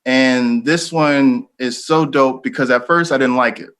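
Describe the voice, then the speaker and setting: A man's voice: mid-range voice, measured pace, fairly bright tone. A young man, a photographer, talking casually and earnestly about his work, with lots of fillers. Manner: loose, filler-heavy, earnest. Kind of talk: casual gallery talk.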